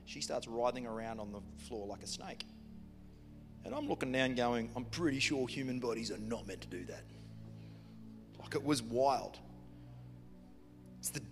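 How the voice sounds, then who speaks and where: A man's voice: mid-range voice, a bit bright. A man preaching a sermon, telling a story in a humorous, conversational way. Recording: long hall reverb with music behind.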